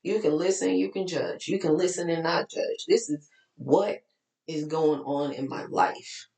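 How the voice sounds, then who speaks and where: A woman's voice: low voice, measured pace, vocal fry, dark tone, echoey room, rough recording. A woman life coach with a Texas accent, talking candidly to her followers in a tired voice that keeps cracking. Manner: candid, chatty, preachy asides. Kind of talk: casual talk to followers.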